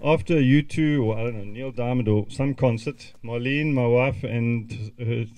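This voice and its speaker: A middle-aged man speaks at an outdoor memorial gathering. His voice sits at an ordinary middle pitch. He reminisces fondly, with small chuckles and false starts. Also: a little slow, no room sound, poor audio. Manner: warm reminiscing with chuckles and restarts. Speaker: eulogy speaker. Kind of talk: memorial speech. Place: outdoor gathering at a country club.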